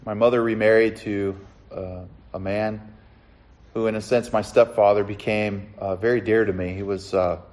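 A middle-aged man preaching a sermon, sharing his own testimony in an earnest storytelling way and slowing down to stress key lines. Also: fairly low pitch, little pitch movement, darkish tone. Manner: earnest, storytelling, builds to emphatic slow lines. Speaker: pastor.

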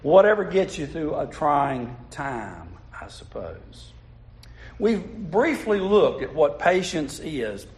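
A man's voice: on the high side, very animated, slow pace, a little mellow. A man preaching a sermon, telling stories in a folksy way and putting asides to the congregation. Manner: folksy storytelling with audience asides.

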